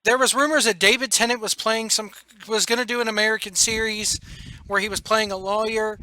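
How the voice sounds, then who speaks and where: A man's voice: sits high, steady tone, a little fast, pushed and bright, rough recording. A man co-hosting a casual chat, easygoing and asking questions between short reactions. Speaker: co-host.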